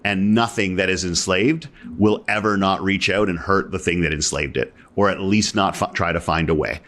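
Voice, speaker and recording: Male guest speaker, very deep voice, reflective storyteller, casual interview tone. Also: moderate pace, a bit bright.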